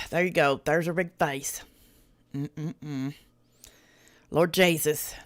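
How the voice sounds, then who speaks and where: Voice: medium pitch, fairly even intonation, slow pace, creaky, a bit bright. A host runs a casual reaction livestream. The talk is folksy and drawling, loose and peppered with swearing. Viewers get greeted by name between remarks.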